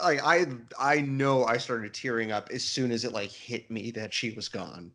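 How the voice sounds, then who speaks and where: A man's voice: medium pitch, normal speed, few pauses, sharp tone. A man co-hosting a fan podcast, talking casually and restarting his sentences. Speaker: podcast co-host.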